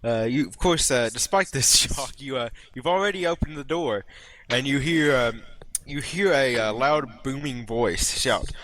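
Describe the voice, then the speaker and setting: A man's voice: mid-range voice, unhurried, few pauses, fairly bright tone. A man narrating as game master of a tabletop game, hesitant and full of fillers, often chuckling.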